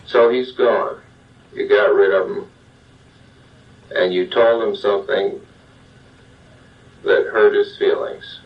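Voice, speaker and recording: An older man, a psychologist, giving a measured self-help talk straight to the listener. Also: on the low side, steady tone. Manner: plain, measured, addresses the listener directly. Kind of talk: slow guided self-help monologue. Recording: dull lo-fi sound, distant from the mic.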